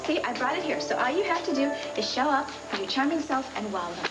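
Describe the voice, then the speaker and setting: A quick, coaxing schemer. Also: female voice, sits high, sing-song, loud music behind the voice. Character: scheming young woman sending off her lover. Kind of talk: 1980s TV soap acting. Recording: noisy TV broadcast recording.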